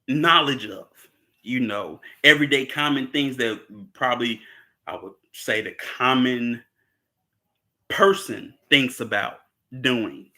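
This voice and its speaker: Man, casual film recap, bright forward tone, rambling delivery, frequent chuckles. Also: mid-range voice. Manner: rambling, chuckles often, acts out characters' lines. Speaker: movie discussion participant.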